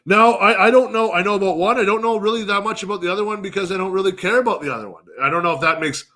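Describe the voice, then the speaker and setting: A man's voice: sits high, racing, sharp tone. A man co-hosting a podcast in casual chat, swearing often and rambling through jokes. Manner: profane, rambling, joking. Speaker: podcast co-host.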